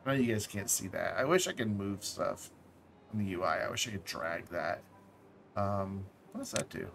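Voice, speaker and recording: A man's voice: low voice, animated, normal speed, creaky, noisy background. A man casually commenting while playing a game on a live stream, thinking aloud, correcting himself and dropping jokey asides.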